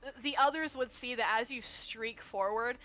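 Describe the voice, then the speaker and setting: A woman's voice: a little high, normal speed, a bit bright, faint music behind. A woman running a tabletop game as game master, narrating unhurriedly with plenty of fillers.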